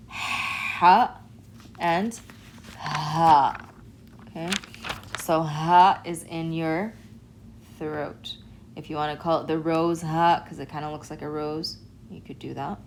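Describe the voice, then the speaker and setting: A woman teaching an Arabic alphabet lesson, explaining and demonstrating sounds in a patient, clear way. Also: sits low, slight background noise, poor audio. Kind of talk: recorded online lesson.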